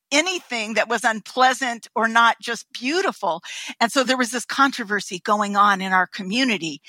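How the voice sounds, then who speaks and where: Animated bright-voiced woman telling stories. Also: on the high side, no room sound. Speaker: podcast guest. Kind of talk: casual storytelling.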